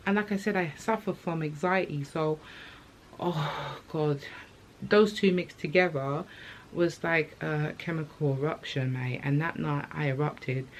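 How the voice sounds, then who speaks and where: Chatty young woman, open and low. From England. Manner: open, chatty, emotional storytelling with slang. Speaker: vlogger. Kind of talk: candid personal vlog. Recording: faint background noise.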